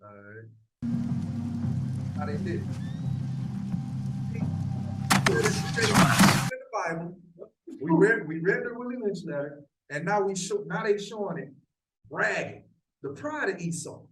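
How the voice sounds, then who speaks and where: A man's voice: high-pitched, very animated, slow, long pauses, loud music behind the voice. Brief: male religious commentator, emphatic and repetitive, distant mic, roomy echo. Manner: emphatic, repeating himself. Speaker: channel host. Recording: echoey room, far from mic.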